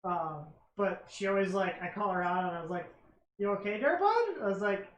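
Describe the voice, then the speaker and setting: A man's voice: high voice, flat delivery, a little fast, fairly bright tone, muffled recording. An American man hosting a livestream, chatting casually and teasing with frequent laughs. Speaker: livestream host. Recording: roomy echo, faint background noise.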